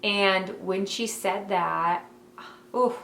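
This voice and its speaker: A woman's voice: mid-range voice, drawn-out words, creaky, fairly bright tone. Chatty young woman in an echoey room. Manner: chatty, many fillers like "like" and "um"; emotional, heartfelt. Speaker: vlogger telling her birth story. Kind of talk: casual storytelling to camera. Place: her bedroom at home. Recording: echoey room, faint ambient noise.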